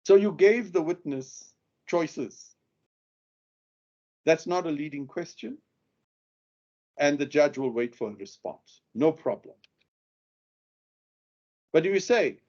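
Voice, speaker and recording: A legal skills instructor lectures lawyers on courtroom questioning, acting out sample questions and hitting the key words hard. His voice sits on the high side with a darkish tone, expressive but slow and full of pauses. The audio sounds dull.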